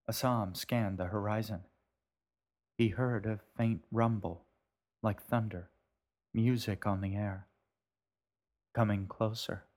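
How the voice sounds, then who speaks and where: A man reading his own novel aloud as narrator, in a calm, measured way. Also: on the low side. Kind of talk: audiobook narration.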